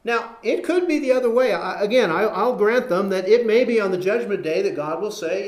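A man's voice: sits high, expressive, brisk, hardly any pauses, roomy sound. A man preaching a sermon, reading scripture aloud and arguing through rhetorical questions and acted-out dialogue.

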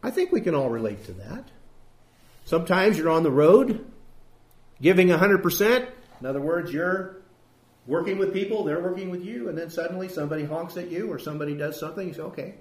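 A man's voice: on the high side, expressive, brisk. Man preaching in an echoey church. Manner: conversational preaching, acts out quoted voices. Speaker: pastor. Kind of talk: sermon. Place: church building.

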